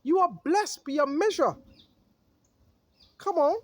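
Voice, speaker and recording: High-voiced man preaching outdoors. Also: takes it slowly, a little mellow, no room sound. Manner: exhorting, reads scripture aloud then riffs on it; calls out to listeners, chuckles often. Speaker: street preacher.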